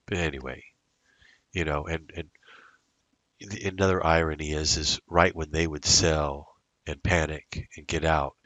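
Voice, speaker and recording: Over a screen recording, a man rambles through live commentary on his own day trades, muttering to himself and wandering off into musings. He has a rumbling low voice with a fairly bright tone and no room sound.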